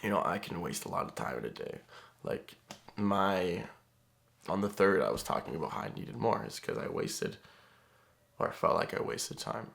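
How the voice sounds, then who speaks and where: A man's voice: low voice, moderate pace, gravelly. A young man talking casually to the camera in a rambling vlog, with lots of fillers. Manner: relaxed, rambling, frequent fillers.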